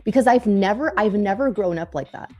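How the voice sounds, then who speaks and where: A young woman co-hosting a live trading stream, chatting casually and telling animated stories with frequent laughter while she trades. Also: medium pitch, brisk, muffled recording.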